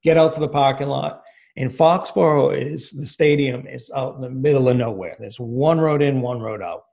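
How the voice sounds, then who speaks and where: Gravelly man telling a profane story. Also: medium pitch, moderate pace. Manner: profane, rambling and animated. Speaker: podcast guest. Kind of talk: casual storytelling.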